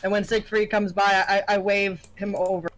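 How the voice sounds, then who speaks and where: A player in a tabletop role-playing game speaks in a bright, clear tone. They often stumble over the start of a sentence, repeating words before getting going. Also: medium pitch, level tone, normal speed.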